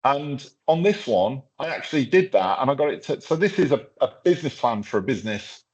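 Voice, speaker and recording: A man's voice: mid-range voice, very animated, a little fast, slightly rough. A man presenting a hands-on workshop, talking casually through a live tech demo with lots of fillers and restarts. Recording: slightly dull lo-fi sound.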